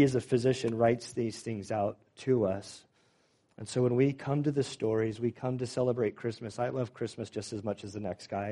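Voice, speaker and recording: Pastor, male, mellow lower voice, halting sermon delivery with fillers. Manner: halting, many fillers and repeated words.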